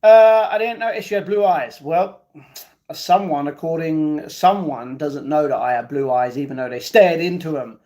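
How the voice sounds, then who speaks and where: A man's voice: fairly high pitch, normal speed, a little mellow. A man hosting a live stream, casually reading out viewer comments and bantering back at them. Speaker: livestream host reading chat.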